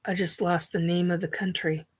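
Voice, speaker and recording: A woman hosting her own show, talking in a halting, earnest way as she searches for words. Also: on the low side, little pitch movement, breathy edge. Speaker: show host. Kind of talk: personal monologue.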